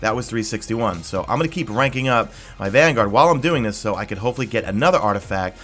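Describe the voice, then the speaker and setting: Excited, rambling male gaming YouTuber. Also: fairly low pitch, faint music behind. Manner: rambling and excited, with quick asides. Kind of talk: casual gameplay guide commentary.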